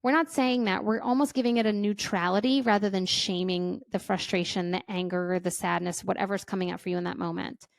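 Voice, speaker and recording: A woman's voice: mid-range voice, fairly even intonation, fairly quick, gravelly, few pauses, no room sound. A woman hosting a parenting podcast, giving casual, conversational advice and often checking in with "right?". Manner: conversational, keeps asking "right?". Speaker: podcast host, parenting coach.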